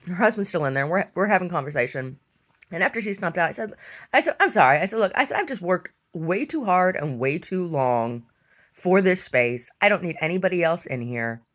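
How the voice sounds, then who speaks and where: A woman artist who owns a gallery, telling a story casually in an animated, sardonic way and acting out the people in it. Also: low-pitched.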